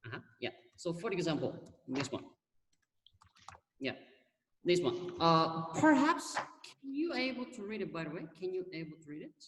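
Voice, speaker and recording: A patient Korean language teacher who coaxes a student along, repeating prompts slowly over a video call. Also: male voice, high voice, big pitch swings, a little hiss or hum. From South Korea. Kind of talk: online language lesson. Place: home room on a video call. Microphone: computer mic on a video call. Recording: distant, roomy video-call audio.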